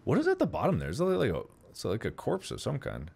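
A man's voice: medium pitch, huge pitch swings, quick pace, creaky, breathy edge. A man streaming a horror game with friends, chatting casually and yelping at scares. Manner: jumpy, yelps and shouts at scares. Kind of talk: casual co-op gaming chat.

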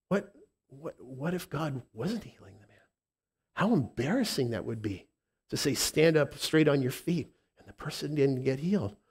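A man preaching a sermon as pastor, speaking with a lisp, emotional and halting with frequent restarts, moving between soft tender moments and emphatic declarations. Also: a little high, vocal fry.

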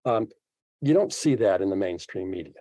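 Speaking in a low, warm voice with lively intonation and a moderate pace, a man in his seventies reflects as a guest in a podcast interview. He thinks aloud with frequent restarts, and there is no echo.

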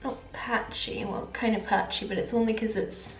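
A beauty vlogger chats casually at her home makeup setup, rambling through a tutorial with a self-aware air. Her voice is medium-pitched and steady, at a normal speed. The room is echoey, with faint music in the background.

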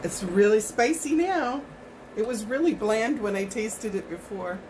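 A middle-aged woman from Hawaii chats in a rambling, animated way while cooking in her home kitchen, tasting and snacking as she goes. Her voice is mid-range and a little slow, with a noisy background behind her.

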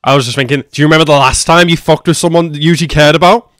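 A man reacting to an anime episode, swinging between hushed muttering and loud, swearing outbursts. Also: on the high side, steady tone, racing, dry recording, studio quality. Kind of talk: live reaction commentary.

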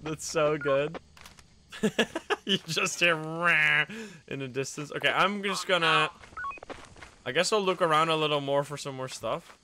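A man streaming a game live, talking to himself and his friends in an excitable way, swearing and laughing often. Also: a little high, moderate pace, pauses often, noisy background. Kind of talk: casual live gameplay commentary.

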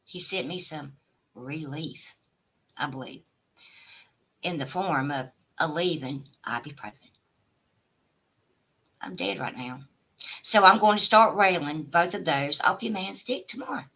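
A woman, live streaming a profane, taunting rant at a rival, swinging from shouted demands to low mutters. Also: measured pace, long pauses, a little hiss or hum, poor audio. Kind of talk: confrontational livestream rant.

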